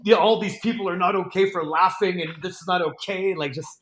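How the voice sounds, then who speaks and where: A male magician chats as a podcast guest, with a slightly high voice. He tells stories in a loose, animated way and often restarts his sentences. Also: a little fast. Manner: animated, rambling, with frequent restarts and fillers. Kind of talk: casual storytelling in a podcast interview.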